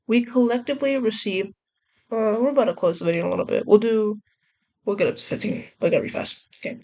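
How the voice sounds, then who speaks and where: Husky young woman chatting casually. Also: medium pitch, fast talker, dark tone. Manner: rambling, chatty, trails off and restarts. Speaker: vlogger. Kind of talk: casual chat.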